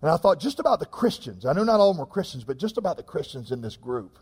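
A man, preaching a sermon in an animated, joking, self-deprecating way. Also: fairly high pitch, fast, slightly rough, big-room sound. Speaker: pastor.

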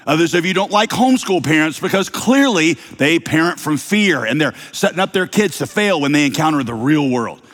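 A male pastor with a light Southern American accent delivers a sermon in a fairly high voice. He preaches conversationally, mixing humor and rhetorical questions. The sound carries the long reverb of a large church hall. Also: expressive, brisk, hardly any pauses, fairly bright tone. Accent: slight Southern American. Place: church sanctuary.

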